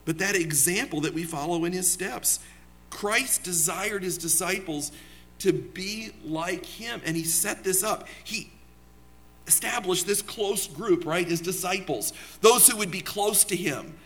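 A man's voice: high voice, a little slow, fairly bright tone, slight background noise. A young man preaching a sermon in a church, talking conversationally, asking the congregation questions and telling personal stories.

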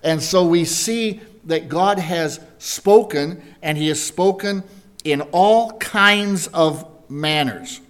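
A man preaching a verse-by-verse Bible lesson, slowly and deliberately, asking his listeners questions as he goes. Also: a little high. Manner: slow, deliberate, asks the congregation questions. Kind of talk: Bible teaching sermon.

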